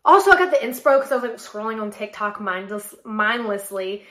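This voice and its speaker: A woman in her late twenties from North Carolina, hosting a podcast and telling a story in a chatty, animated way full of "like". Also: mid-range voice, a little fast, roomy sound. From North Carolina, USA. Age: late 20s. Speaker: podcast host and model. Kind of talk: casual solo chat.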